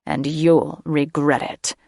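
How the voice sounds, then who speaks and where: A woman voicing a stern, protective male dragon shifter who speaks low and firmly. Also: level tone, slow, creaky, darkish tone, dry recording, clean studio sound, heavily acted. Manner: low, firm and growling.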